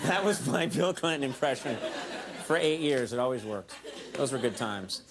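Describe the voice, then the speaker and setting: Hosting a late-night show, a man delivers a comedy monologue on a studio stage, dropping self-mocking asides. His mid-range voice has lively intonation at a moderate pace, and a live studio audience laughs and applauds.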